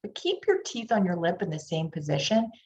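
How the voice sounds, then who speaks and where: A woman's voice: lowish voice, big pitch swings, a little fast, a little mellow. Pittsburgh woman teaching phonics. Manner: demonstrates sounds, coaches the audience to repeat. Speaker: reading specialist and instructor. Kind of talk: tutor training lecture. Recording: dull lo-fi online session audio.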